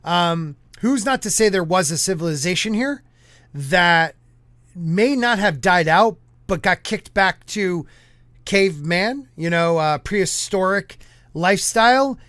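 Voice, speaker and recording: A man hosts a podcast in loose conversation, his voice pitched fairly high for a man. He rambles and restarts, dropping fillers as he goes. The sound is dry and close, with no room around it. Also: lively intonation, measured pace, fairly bright tone, no room sound. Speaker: podcast host. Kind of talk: casual podcast chat.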